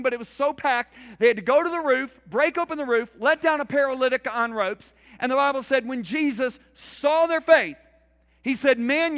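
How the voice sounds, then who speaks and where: A man preaching a sermon in a church, telling Bible stories dramatically and acting out the voices, swinging from loud to hushed. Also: high-pitched, in a large hall.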